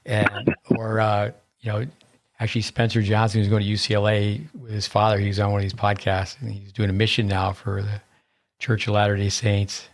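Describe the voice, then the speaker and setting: A man's voice: on the low side, little pitch movement, moderate pace. A man hosting a tennis podcast, asking his guest questions and adding his own coaching remarks. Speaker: podcast host. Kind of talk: podcast interview.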